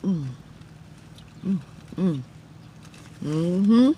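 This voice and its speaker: A woman hosts a casual eating show from a parked car, talking slowly with a pitch that swoops up and down. She keeps turning to her viewers and humming approval between bites, slightly short of breath, with faint noise in the background. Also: expressive, mellow. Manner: chatty, addresses viewers, frequent murmurs of approval while eating. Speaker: mukbang host.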